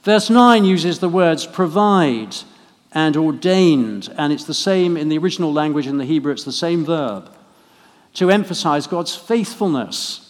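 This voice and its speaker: A man from England preaching a harvest sermon in a church, conversational and gently humorous. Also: fairly high pitch, animated, a little slow. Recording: long church reverb.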